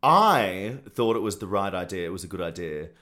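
A deep-voiced Australian man in his thirties chats as a podcast guest. He tells his stories in an animated, self-deprecating way, full of fillers and asides. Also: normal speed. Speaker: TV host and sportscaster, podcast guest. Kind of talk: casual interview chat.

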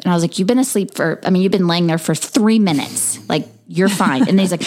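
A woman's voice: lowish voice, fast, few pauses, a little mellow. A woman in her thirties, co-hosting a casual faith and parenting chat, animatedly retelling a story of her son's sleepless night. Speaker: podcast co-host.

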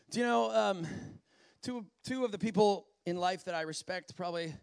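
A man preaching a sermon in an animated way, often acting out voices and laughing. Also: high-pitched, normal speed, creaky, smooth, dry recording, studio quality.

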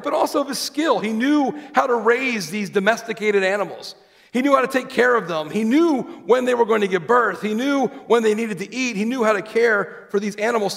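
A man's voice: high-pitched, creaky, a bit bright. A man preaching a sermon to a congregation, reading scripture aloud and putting questions to the listeners. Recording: long hall reverb.

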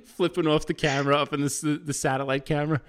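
A man's voice: on the high side, little pitch movement, fast. A man co-hosting a podcast, telling a story in casual chat, acting out other people's lines and swearing for emphasis. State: self-employed, married. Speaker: podcast co-host.

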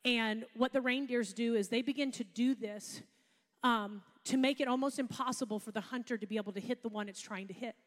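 Woman pastor, higher voice, casual storytelling sermon, long hall reverb. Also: fairly even intonation, brisk. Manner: chatty storytelling with laughs and asides.

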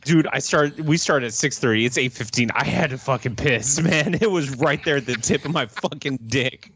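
A man's voice: medium pitch, normal speed, fairly bright tone. A man, a podcast co-host, giving crude, exasperated excuses in casual chat.

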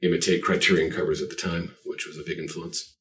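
A man's voice: low-pitched, little pitch movement, fast, a bit bright, distant mic. A man being interviewed about his art, telling stories in a rambling, self-deprecating way with lots of fillers. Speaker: artist guest. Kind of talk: casual interview chat.

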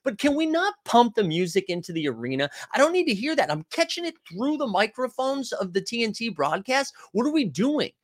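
A man hosting a casual sports talk stream, animated and rambling, who swears freely and reads from the chat. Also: very high voice, fairly quick, hardly any pauses, no echo. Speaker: podcast host reading chat.

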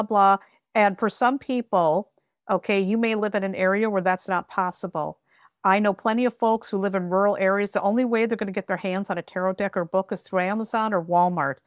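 A woman's voice: medium pitch, smooth, no room sound. Blunt woman guest, emphatic and candid, dry close recording. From rural area. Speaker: tarot reader guest. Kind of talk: candid advice in a podcast conversation.

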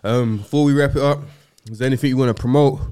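A man's voice: medium pitch, fairly even intonation, fast, warm tone, clean tone. A young man hosting a podcast, talking in laid-back, slang-heavy casual chat. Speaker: podcast host.

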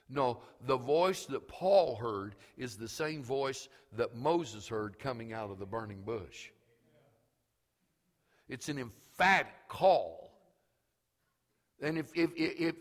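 A male pastor preaching fervently, repeating himself and swinging between hushed words and shouts. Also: a little high. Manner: fervent, repetitive preaching with many restarts. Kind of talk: sermon. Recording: long reverb of a big hall.

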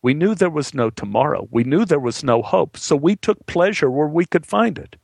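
A man voicing a blunt, gruff old man who swears casually as he recalls hard times. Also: a little high, sing-song, normal speed, a little mellow, dry recording, exaggerated voice. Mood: reminiscing.

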